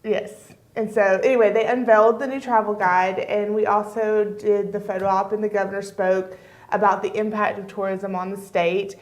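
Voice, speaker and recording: A woman talks casually on a local TV show. She is chatty, laughs often and fills her pauses with many ums. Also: mid-range voice, level tone. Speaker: chamber of commerce guest. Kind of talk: casual chat. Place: TV studio.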